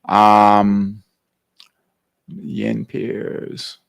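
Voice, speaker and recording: A trading show host with a fairly low voice talks very slowly and in a monotone, with vocal fry and a clear, resonant tone. Running a live workshop, he thinks out loud over charts, slipping "all right?" in between phrases.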